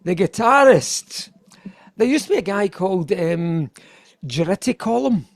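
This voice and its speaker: An older Scottish man, a guest musician, chats on a video-call interview with a high-pitched voice and lively intonation, speaking unhurriedly. He rambles, pokes fun at himself, and laughs often in this casual talk. The sound is clean and studio-like, with no room sound.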